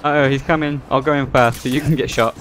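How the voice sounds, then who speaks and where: A man's voice: mid-range voice, fairly even intonation, fast, a bit bright, a little hiss or hum. Dry teasing gamer guy. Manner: dry teasing, giving directions. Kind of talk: casual co-op gameplay chat. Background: game music.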